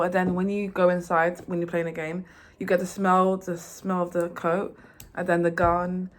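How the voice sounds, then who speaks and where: A young woman giving a rambling, excitable recap of a video game's story, full of fillers and restarts. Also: on the low side. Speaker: vlogger. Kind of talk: casual game recap.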